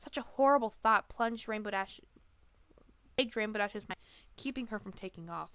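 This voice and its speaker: A woman narrating a fan audiobook reading, expressive with small slips and restarts. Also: medium pitch, moderate pace, pauses often, no echo.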